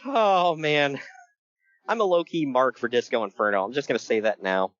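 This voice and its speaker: A man's voice: medium pitch, normal speed, muffled recording. A man co-hosting a casual podcast, joking and laughing as he recaps a wrestling show. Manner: joking, animated, laughs often. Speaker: podcast co-host.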